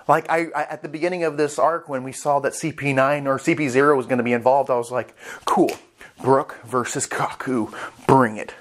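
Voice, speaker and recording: A man reviewing a comic chapter in casual vlog commentary, rambling and excitable, swearing freely. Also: medium pitch. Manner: rambling, excitable, with profanity and restarts.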